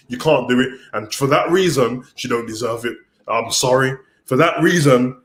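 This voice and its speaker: A man hosting a livestream, ranting bluntly and casually with many restarts. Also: mid-range voice. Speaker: wrestling commentator and livestream host. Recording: roomy echo.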